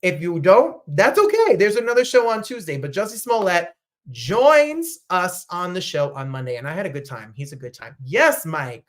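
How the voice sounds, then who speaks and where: Animated chatty male talk show host. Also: sits high, normal speed. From New Jersey. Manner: animated, gushing, chatty asides. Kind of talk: casual livestream chat.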